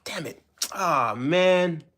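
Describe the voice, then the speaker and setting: A man's voice: fairly high pitch, animated, drawn-out words, fairly bright tone. A man casually chatting on a live stream about politics, mocking and talking straight to his viewers' messages. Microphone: desk microphone.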